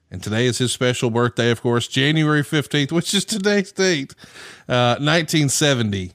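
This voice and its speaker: A man's voice: fairly high pitch, moderate pace, fairly bright tone, no echo, clean studio sound. A man from the American South co-hosting a podcast, chatting casually and teasing his partner. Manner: teasing, joking. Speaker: podcast co-host. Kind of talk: casual chat.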